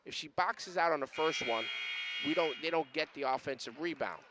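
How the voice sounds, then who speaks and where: A man's voice: fairly high pitch, moderate pace, heavy background noise. A man who coached before, giving color commentary on a basketball game in an emphatic, teaching way and repeating his key points.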